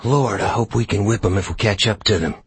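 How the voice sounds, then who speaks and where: A man's voice: on the low side, fairly quick, husky, dry recording. A man voicing a shaky frightened ranger. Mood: scared.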